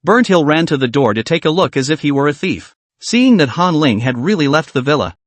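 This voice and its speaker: A man's voice: on the high side, very animated, a little fast, dry recording. A man narrating a translated web comic story as a recap narrator.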